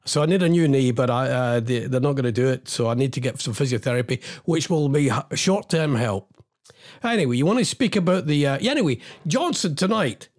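A man's voice: medium pitch, lively intonation, fairly quick. A man hosting a radio show, ranting in an agitated, exasperated, rambling way and jumping between asides in a studio. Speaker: radio host. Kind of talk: rambling on-air monologue.

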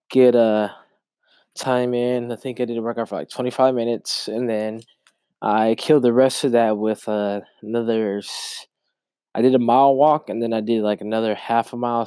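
A man's voice: medium pitch, warm tone, no echo. A young man hosting a podcast alone, telling a rambling, casual story and often repeating himself. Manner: rambling, repeats words while recounting a story. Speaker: podcast host.

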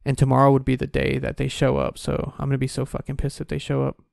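A man in his twenties telling a story in a casual, profane, animated rant. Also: mid-range voice, fast talker, vocal fry, no room sound, studio quality. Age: 20s.

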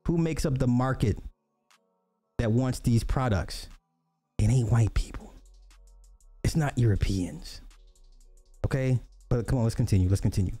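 A man's voice: medium pitch, measured pace, long pauses, dark tone, faint music behind. A man hosting a casual reaction commentary, blunt and profane, with joking asides. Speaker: commentary host reacting to clips.

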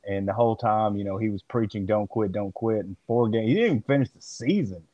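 A man with a fairly low voice rants bluntly in casual chat, swearing with open disgust. The recording is dry, with no room sound, and a little muffled. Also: animated, quick pace, dry recording.

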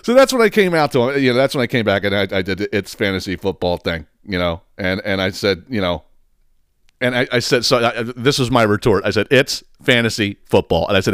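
A man hosting a podcast, telling a long casual story in a rambling, animated way, laughing often and swearing freely. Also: medium pitch, a little fast, clear, resonant tone, no room sound, clean studio sound. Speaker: podcast host.

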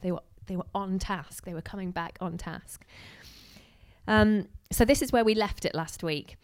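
A woman's voice: medium pitch, moderate pace. Chatty woman preaching. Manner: chatty and animated, acting out quotes with asides. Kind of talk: casual sermon.

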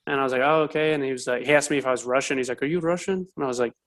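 A man's voice: mid-range voice, flat delivery, racing, a bit bright. A man co-hosting a casual podcast chat, laid-back and rambling, telling stories with lots of fillers. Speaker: co-host.

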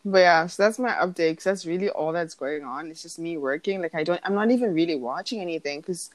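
Young woman co-host, a bit low-pitched, lively storyteller, dry close mic. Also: quick pace, dry recording. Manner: animated storytelling, acts out quoted voices, laughs often. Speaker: podcast co-host. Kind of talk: casual chat.

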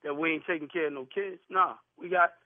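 A defensive, confrontational man who argues in heavy slang over a phone call. His voice is high, and it comes through a tinny, phone-like line that sounds completely dry. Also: fairly even intonation, fairly quick, no echo. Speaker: caller. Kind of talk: heated phone argument.

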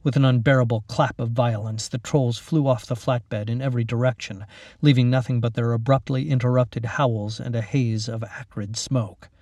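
A man's voice: medium pitch, fairly even intonation, moderate pace, a little mellow, no room sound. Man narrating a horror story, dry sound.

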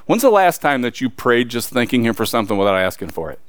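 A man preaching a sermon, reading scripture and then talking it through in a casual, emphatic way with sudden loud peaks and quiet asides. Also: mid-range voice, sing-song, quick pace, dry recording. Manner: reads scripture aloud then preaches conversationally with slang.

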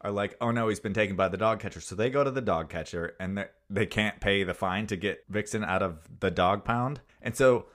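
Man, lowish voice, casual chat, jokey retelling, acts out characters. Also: brisk, few pauses, fairly bright tone. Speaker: podcast co-host. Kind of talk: casual chat recapping a film.

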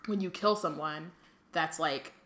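A woman co-hosts a podcast in casual book chat, reading passages aloud and laughing often. Her voice is bright and forceful, sitting a bit low. The recording has a roomy echo. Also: measured pace. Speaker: podcast co-host.

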